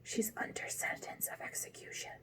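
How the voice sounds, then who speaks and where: A woman voicing a timid, anxious male rabbit who speaks in a hushed, hurried way. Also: on the high side, sing-song. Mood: nervous. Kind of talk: storybook reading.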